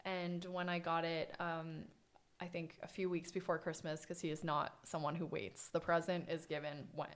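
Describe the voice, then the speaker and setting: A woman's voice: deep voice, moderate pace. A young adult woman, a podcast guest, telling stories in casual conversation, laughing often and acting out what people said. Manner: animated storyteller, laughs often, acts out quotes. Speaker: podcast guest, watch collector.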